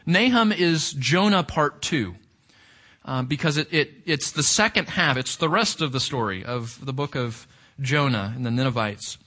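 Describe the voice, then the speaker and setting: A man's voice: medium pitch, expressive, moderate pace, pushed and bright. A male pastor preaching a sermon with emphasis, reading scripture aloud and asking the congregation rhetorical questions.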